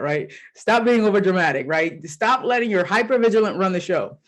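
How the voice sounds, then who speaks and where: A life coach hosts her solo podcast, addressing the listener directly in a lively, mid-range voice that runs a little fast with few pauses. She tells stories candidly and casually, swears mildly now and then, and sometimes acts out her own inner voices.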